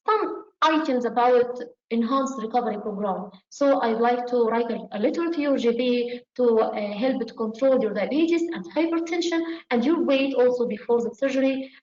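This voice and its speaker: Woman medical tutor, slightly high voice, methodical step-by-step lecturing, echoey lo-fi room. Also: darkish tone. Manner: methodical, step-by-step instruction, acting out doctor lines. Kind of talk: exam-prep lecture. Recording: echoey room, dull lo-fi sound.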